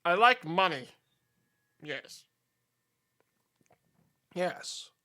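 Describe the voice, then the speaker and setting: A male streamer who rambles and swears while he plays and comments on a game. His voice is high and bright. He jokes as he thinks out loud. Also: animated, extremely slow. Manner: profane, joking, rambling. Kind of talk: gameplay commentary.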